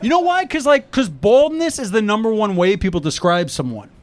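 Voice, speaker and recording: A man's voice: high voice, very animated, normal speed. A male stand-up comedian from New York telling jokes in a conversational way and acting out talks with friends, recorded outdoors on a rooftop. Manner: conversational, acts out dialogue with friends.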